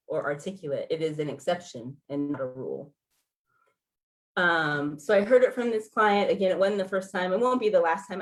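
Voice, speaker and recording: A woman in her forties from Los Angeles, telling a personal story to a gathering in a conversational, animated way. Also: medium pitch. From Los Angeles, California. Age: 40s. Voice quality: sounds like a Valley girl. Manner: conversational, animated storytelling with laughs and acted quotes. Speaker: featured speaker.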